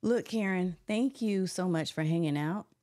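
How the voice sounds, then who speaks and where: A woman's voice: lowish voice, normal speed, a little mellow. A woman hosting a live-stream interview, upbeat and laughing often as she reads viewer comments aloud. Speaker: host.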